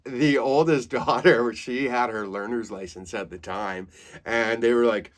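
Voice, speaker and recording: A man in his thirties from Saskatchewan hosts a comedy podcast. He tells stories in a casual, animated way, laughs at his own jokes and swears freely. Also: medium pitch, measured pace. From Saskatchewan, Canada. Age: 30s.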